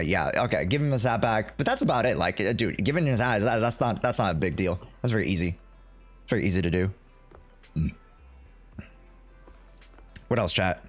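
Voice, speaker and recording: A young man streaming a live game reaction, talking casually in hyped slang and laughing often. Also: fairly low pitch.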